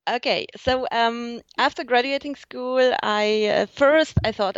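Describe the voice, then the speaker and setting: A woman's voice: a little high, lively intonation, measured pace, hardly any pauses, no echo, highs cut off. A woman in her forties with a German accent, a guest author answering interview questions with many fillers and restarts. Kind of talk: casual interview.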